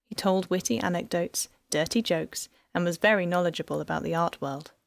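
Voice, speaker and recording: A woman narrating an audiobook in an even, measured storytelling manner. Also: lowish voice, vocal fry, dry recording. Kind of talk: scripted narration.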